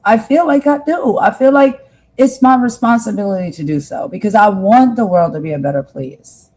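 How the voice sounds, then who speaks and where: An American woman talks straight to her viewers on a livestream in a soft, mellow tone. She is heartfelt and earnest and says her points more than once. Her voice sits at an ordinary middle pitch for a woman. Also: moderate pace, low-quality recording. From United States. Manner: heartfelt, repeats herself for emphasis, speaks straight to viewers. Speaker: livestream host.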